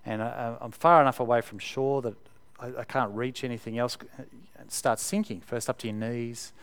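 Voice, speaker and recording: A man giving a sermon in a relaxed, conversational way, with fillers, repeated words and emphatic stresses. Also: mid-range voice, normal speed, smooth. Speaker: preacher.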